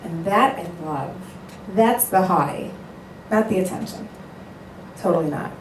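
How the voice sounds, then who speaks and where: A woman's voice: on the low side, measured pace. A woman addresses an audience with earnest conviction, slipping into other people's voices as she retells phone calls. She sounds slightly far from the mic, in an echoey room with a faint hum behind her. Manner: earnest, animated storytelling, acting out both sides of phone calls. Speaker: matchmaker giving a talk. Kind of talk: speech to an audience.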